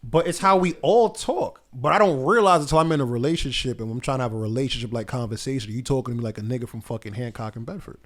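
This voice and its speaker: A man's voice: mid-range voice, fast, hardly any pauses, a bit bright. A man co-hosting a casual podcast chat, telling stories animatedly and swearing freely. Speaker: podcast co-host.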